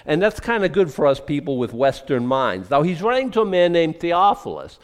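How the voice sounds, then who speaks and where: A male pastor delivers a sermon in a loose, conversational way, joking and circling back on his words. His voice sits slightly higher than most men's, with frequent swings between soft asides and louder bursts. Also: sing-song, normal speed, long reverb tail. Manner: conversational, jokey, many restarts and asides.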